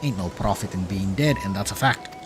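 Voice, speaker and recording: A man voicing a chatty, worldly male sea traveler from a game, with a gruff, drawling put-on accent. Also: medium pitch, unhurried, lightly acted. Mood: advising. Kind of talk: reading game dialogue aloud in character. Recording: game music clearly behind. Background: game music.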